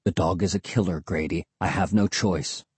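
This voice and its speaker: A man playing a grim stern father, deep, firm, husky, dry close sound. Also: steady tone, normal speed, darkish tone, no echo.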